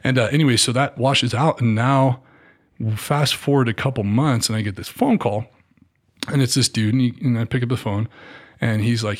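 A man in his thirties telling animated stories as a guest, acting out quotes and saying "dude" a lot. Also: medium pitch, brisk. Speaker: guest, former military contractor. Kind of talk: casual storytelling.

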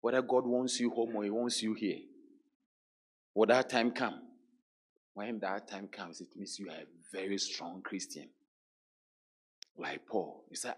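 A man preaching a sermon, emphatic, repeating words and dropping into hushed quotes. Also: on the low side, steady tone, a little slow, long pauses.

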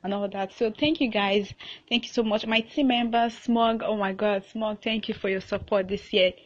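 A young host with a Nigerian accent talks loosely on her casual podcast, frequently restarting and laughing between thoughts. Her voice is medium-pitched and steady at a normal speed, though the recording sounds muffled.

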